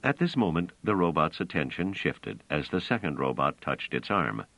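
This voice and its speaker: Deep-voiced male audiobook narrator. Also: moderate pace, vocal fry, no echo. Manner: expressive storytelling. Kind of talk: scripted narration. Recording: dull, dry audio.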